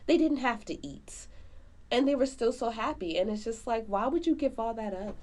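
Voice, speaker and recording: A woman co-hosting a podcast, reviewing a movie in casual, animated chat full of slang. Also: on the high side, moderate pace, slight background noise. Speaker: podcast co-host.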